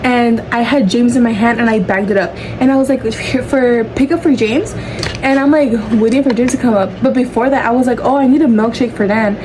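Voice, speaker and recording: A teenage girl rambles through a get-ready-with-me vlog, talking while she does her makeup at home. She fills every sentence with fillers in a fairly high voice, and a steady hiss of background noise sits under the phone-close recording. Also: quick pace, hardly any pauses. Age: teens. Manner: rambling, chatty storytelling with constant fillers. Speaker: vlogger.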